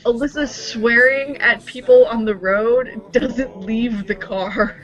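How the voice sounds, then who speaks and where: A woman's voice: on the high side, steady tone, slow pace. A woman co-hosting a podcast in casual chat, playful and self-mocking. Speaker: podcast co-host. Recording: slightly muffled recording, faint music.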